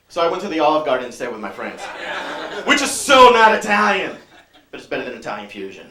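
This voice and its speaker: High, bright punchy stand-up man. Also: wildly swooping pitch, quick pace, reverberant. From San Francisco, California. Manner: loud, punchy, crowd-working delivery. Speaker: stand-up comedian. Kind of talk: stand-up comedy. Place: small comedy club stage.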